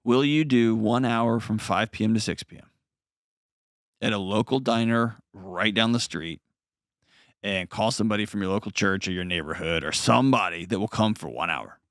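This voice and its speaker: A man hosting an advice call-in show, talking in an earnest, conversational way and gently reassuring a caller. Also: lowish voice, moderate pace, no echo, studio quality.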